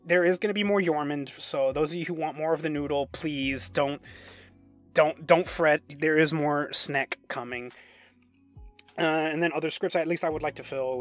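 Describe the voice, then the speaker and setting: A man's voice: a little high, normal speed, a bit bright, faint music behind. Rambling man answering fan questions. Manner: rambling, many fillers and restarts, laughs often. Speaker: audio performer and script writer. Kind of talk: casual fan Q&A.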